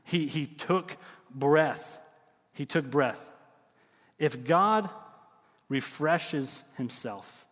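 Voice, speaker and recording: A middle-aged man preaching a sermon, telling stories with lively swings and dropping to quiet emphasis. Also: fairly high pitch, very slow, pauses often, long reverb tail. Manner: animated storytelling, drops to quiet emphasis. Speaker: pastor.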